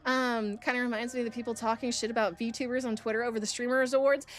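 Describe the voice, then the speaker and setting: A woman's voice: a little high, a little fast, no echo. A woman streamer telling a story to her chat in a blunt, profane, heated way.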